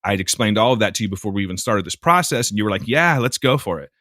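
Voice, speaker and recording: Talking fast in a fairly low voice, a man co-hosting a podcast tells an animated, exasperated story in a casual style, swearing freely. The sound is clean and studio-made, with no room sound.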